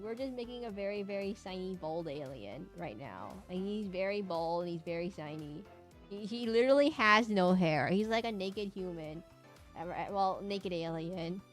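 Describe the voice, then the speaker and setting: A woman's voice: fairly low pitch, animated, moderate pace, soft background music. A young woman streamer chatting casually with her viewers while she draws, rambling playfully and humming to herself. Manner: rambling, playful, talks to chat, hums. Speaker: streamer drawing for chat. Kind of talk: casual chat while drawing.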